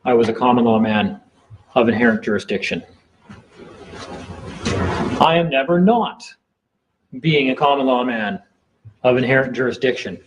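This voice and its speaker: A man's voice: mid-range voice, animated, normal speed, pauses often, dull audio, noisy background. A man giving a casual talk to a small group, rambling and repeating himself as he acts out exchanges in court. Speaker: seminar speaker.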